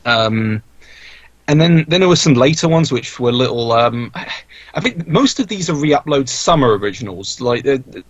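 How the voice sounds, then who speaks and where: Husky young man rambling. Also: mid-range voice, lively intonation, normal speed, dry recording. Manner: rambling, many restarts and fillers. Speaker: podcast guest, video creator. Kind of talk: casual podcast interview. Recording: dull, dry lo-fi mic.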